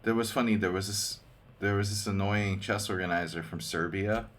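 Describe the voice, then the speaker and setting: A man talks through his chess moves on a live stream in a relaxed, joking way, often thinking aloud. His voice sits a little low. He chats with his viewers between variations. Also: normal speed. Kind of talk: casual live-stream commentary.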